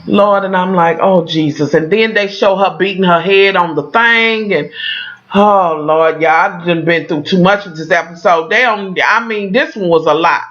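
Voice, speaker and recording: A woman's voice: fairly low pitch, moderate pace, a bit bright, highs cut off. A woman recapping a TV episode for her viewers, dramatic and profane, talking straight to the camera. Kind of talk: animated casual recap.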